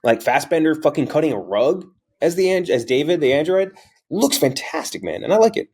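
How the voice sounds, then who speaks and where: A man's voice: fairly high pitch, sing-song, brisk, darkish tone, breathy edge. A man co-hosting a casual movie podcast, talking with enthusiasm and swearing freely. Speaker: podcast co-host.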